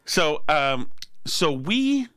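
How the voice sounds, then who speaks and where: A man's voice: on the high side, big pitch swings, drawn-out words, sharp tone, no room sound. A man in his forties hosting a podcast who tells a story in a rambling, self-deprecating way. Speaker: podcast host. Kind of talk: casual storytelling chat.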